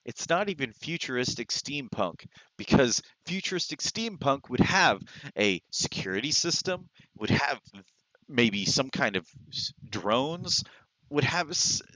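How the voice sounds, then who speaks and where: A man's voice: medium pitch, sing-song, a little slow, pushed and bright, dry recording, muffled recording. A man reviewing a movie in a blunt, exasperated rant, full of restarts and fillers. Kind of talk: ranting movie review vlog.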